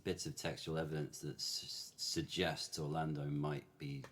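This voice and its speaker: A man chatting in a podcast discussion, enthusiastic and quick to agree. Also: extremely low pitch, flat delivery. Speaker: actor guest.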